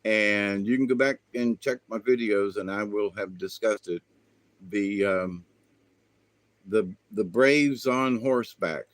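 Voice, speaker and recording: A man's voice: on the low side, slow, no room sound. A man hosting his own spiritual channel, talking in a meandering, folksy way with lots of fillers. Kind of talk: rambling spiritual monologue.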